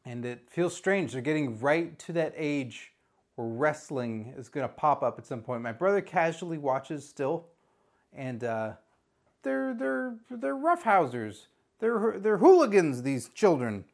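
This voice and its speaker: A man's voice: fairly high pitch, a little slow, creaky. A man from Southern California in his thirties, hosting a podcast as a casual solo chat, rambling and joking at his own expense. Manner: rambling, self-mocking, jokey, with animated put-on voices. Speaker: podcast host.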